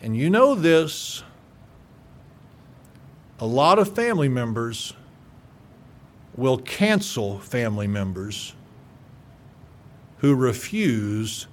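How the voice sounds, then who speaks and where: A pastor preaching a radio sermon, forceful and emphatic, stumbling over repeated words as he builds up. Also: high-pitched, very animated, takes it slowly, pauses often.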